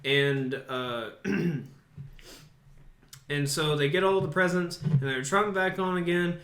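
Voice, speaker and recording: A man co-hosting a casual podcast, retelling a film plot in a halting, rambling way with lots of fillers. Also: on the high side, a bit bright. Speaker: podcast co-host. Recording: echoey room.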